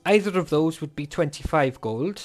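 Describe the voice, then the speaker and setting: A man's voice: on the high side, animated, normal speed, soft background music. A man with a Welsh accent running a tabletop game as game master, voicing a merchant and explaining rules in a casual, laughing way.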